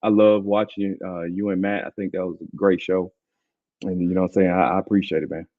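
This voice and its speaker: A man's voice: deep voice, fairly quick, narrow, tinny audio. Slangy Southern man talking football. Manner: animated, slangy, repeats points with "bro". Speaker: podcast host. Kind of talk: casual sports talk.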